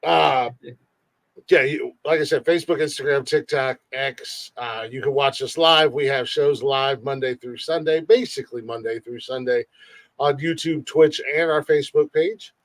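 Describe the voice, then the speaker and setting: A man's voice: mid-range voice, normal speed, no room sound. A man co-hosting a comedy podcast livestream, chatting casually, rambling and joking with frequent laughs. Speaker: podcast co-host. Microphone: livestream mic.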